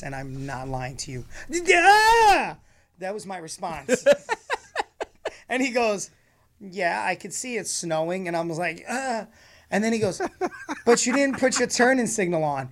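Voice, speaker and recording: A man telling a comic story with a lively voice that swings through a wide range of pitch. He acts out every part of the exchange himself and laughs often as the story goes on. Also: moderate pace, vocal fry. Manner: animated, acts out both sides of exchanges.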